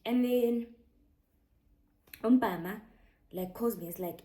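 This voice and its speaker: A woman's voice: fairly high pitch, takes it slowly, warm tone, a little hiss or hum. A young South African woman with a South African accent, telling a personal story in a casual vlog and slipping Zulu slang into her English. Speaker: YouTuber.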